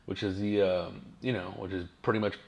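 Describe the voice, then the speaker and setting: A young man holds forth on his podcast in a blunt, profane, dismissive rant full of fillers. His voice sits a bit low and has a gravelly fry. He talks loosely and casually. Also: flat delivery, brisk, darkish tone. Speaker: podcast host. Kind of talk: casual ranting monologue.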